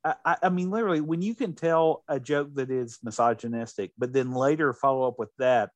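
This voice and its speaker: A man co-hosting a casual podcast chat, talking in an animated way with many restarts. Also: medium pitch, fairly quick, no echo. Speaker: podcast co-host.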